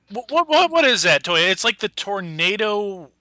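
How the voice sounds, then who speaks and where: Bright, lively man on a podcast. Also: high voice, a little slow, no room sound. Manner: jumps in eagerly, laughs often. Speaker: podcast co-host. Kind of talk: casual podcast chat.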